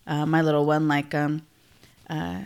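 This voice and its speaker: A woman in her thirties co-hosting a casual podcast chat, animated and laughing often. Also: low-pitched, unhurried, gravelly, clean tone. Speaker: podcast co-host. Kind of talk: casual chat among sisters.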